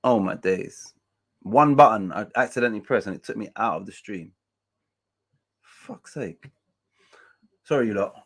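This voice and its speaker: A man with a slightly low voice hosts a casual live match-day stream. He talks loosely, swears freely, and reads chat messages and other scores aloud between remarks. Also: lively intonation, a little slow, pauses often, husky.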